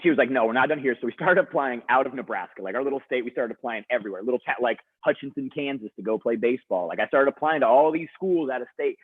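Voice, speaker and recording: A young man telling an energetic, chatty story to students as a motivational speaker, heard over a video call. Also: mid-range voice, fast, hardly any pauses, no echo. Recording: dry, husky, phone-like video call audio.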